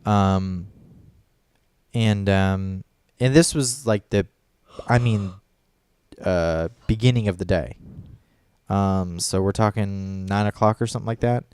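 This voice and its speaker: This man has a lowish, smooth voice, recorded close and dry. He rambles through a story in casual chat, swears freely and restarts his sentences often. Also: slow pace, darkish tone, no echo. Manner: rambling, profane, many fillers and restarts. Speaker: podcast co-host.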